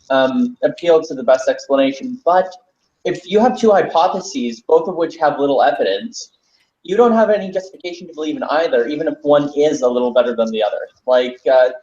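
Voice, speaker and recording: A man's voice: medium pitch, a little mellow. Man arguing a point over a roomy, muffled line. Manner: argumentative, reasoning aloud. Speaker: podcast guest. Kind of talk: casual podcast chat.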